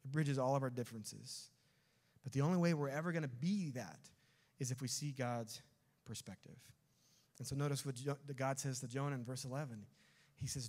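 A man preaching a sermon as pastor, animated and storytelling, with sudden rising bursts of energy. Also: mid-range voice, fairly quick. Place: church sanctuary. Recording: long church hall reverb.

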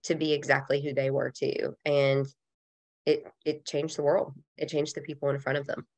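A woman with a low, gravelly voice speaks to a podcast host. She is earnest and reflective and drops casual fillers as she talks. The sound is close and dry, with little room. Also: level tone, moderate pace, darkish tone, no echo. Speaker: podcast guest. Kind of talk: heartfelt conversational interview.

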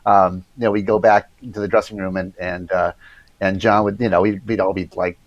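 A man's voice: low voice, little pitch movement, brisk, dry recording, highs cut off. A man telling a teasing story about his bandmates in casual chat over a video call.

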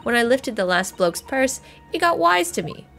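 A cheeky young street thief girl , voiced by a woman, boasts full of slang. Her voice sits high and bright. Faint music runs underneath. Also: big pitch swings, moderate pace, gravelly, exaggerated voice. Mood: boastful.

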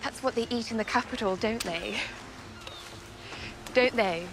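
Drama clip, noisy: fretful posh lady, light high voice. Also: measured pace, creaky. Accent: posh English. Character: flustered, simple young noblewoman.

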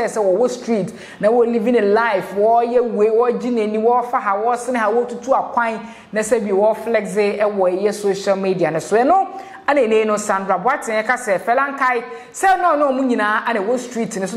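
A woman with a Ghanaian accent presenting entertainment gossip, switching between Twi and English in brisk commentary. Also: medium pitch, reverberant. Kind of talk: narrated entertainment news.

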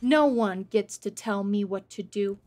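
A woman streamer giving live gameplay commentary, excitable, swearing and laughing as she talks to her chat. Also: medium pitch, unhurried.

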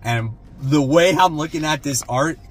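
A man's voice: fairly high pitch, a little slow. A man hosting a casual comic haul video, laid-back and blunt, often tacking "man" onto his sentences. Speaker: comic book channel host.

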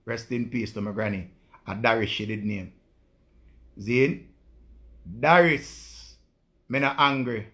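Ranting profanely in patois, a live-stream host with a gravelly Jamaican voice talks to his viewers without a script, returning again and again to the same points. His voice is lowish and sharp, and he speaks a little fast.

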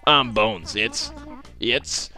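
Nervous stammering dog voice from a young gamer, low and mumbly, faint music. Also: extremely slow, gravelly, sharp tone, full character voice. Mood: shy. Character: nervous shy male dog villager.

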